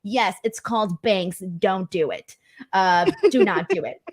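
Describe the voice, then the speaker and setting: A woman's voice: mid-range voice, measured pace. A young adult woman co-hosting a casual wrestling podcast, playful and teasing, laughing often as she reads viewer comments. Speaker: co-host.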